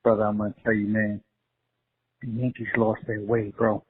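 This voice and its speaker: A man's voice: lowish voice, little pitch movement, moderate pace, breathy edge. A man calling in from his workplace, emphatic and repetitive, who calls the host brother. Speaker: caller. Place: at work. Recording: phone line with faint noise.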